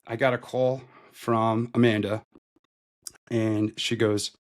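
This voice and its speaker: A man in his thirties, a retail store manager guesting on a podcast, recounts his career in a loose, conversational interview style full of "like." His voice is on the low side, slow and with little pitch movement.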